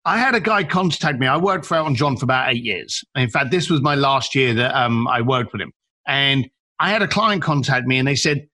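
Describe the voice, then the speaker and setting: A man, a podcast guest telling animated stories and acting out the people he quotes. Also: a little high, fairly quick, husky. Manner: acts out quoted people, emphatic, repeats words. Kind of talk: animated storytelling.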